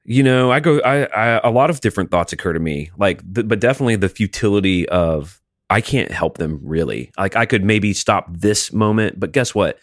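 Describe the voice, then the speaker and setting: Man, casual chat, reflective, lowish voice, lively pitch, dry sound. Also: normal speed, no room sound. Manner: reflective, heavy use of "like".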